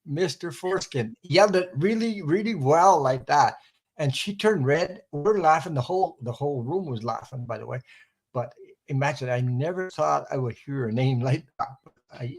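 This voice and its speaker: A man's voice: medium pitch, low-quality recording. An older man from French Canada, a guest who rambles through funny anecdotes and laughs at his own stories. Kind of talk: casual storytelling chat.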